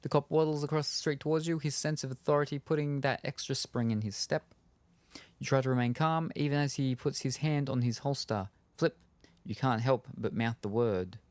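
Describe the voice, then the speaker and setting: A man reads a game's story aloud to his viewers at an ordinary middle pitch. His narration is steady, now and then broken by casual asides. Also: fairly quick, no room sound. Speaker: game streamer. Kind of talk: reading game text aloud.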